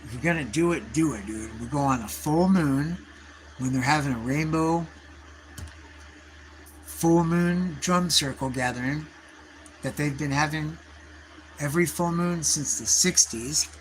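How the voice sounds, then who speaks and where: A man's voice: fairly high pitch, measured pace, long pauses, slight background noise, low-quality recording. A man, rambling through stories on a livestream in profane slang. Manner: profane, slangy, calls listeners dude and bro. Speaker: livestream host.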